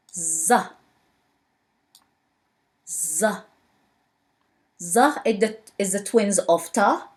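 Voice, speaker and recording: Woman teacher, patient lesson, says each sound over and over, slightly low voice. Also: a little mellow. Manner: repeats sounds slowly and patiently, non-native English grammar. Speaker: Arabic teacher. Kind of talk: slow spoken language lesson.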